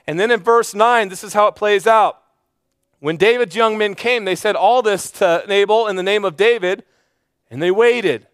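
A man preaching a sermon, telling a Bible story with animated flair and acting out the lines of the people in it. His voice sits high and sounds smooth and resonant. The recording is dry and close. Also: normal speed, no room sound. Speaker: pastor.

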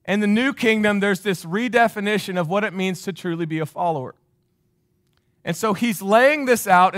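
A man's voice: high-pitched, fairly bright tone, no echo, studio quality. A man in his forties preaching a sermon, stressing his points with repeated phrases and questions to the congregation. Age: 40s. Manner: emphatic, repeats phrases, asks the crowd questions. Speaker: pastor.

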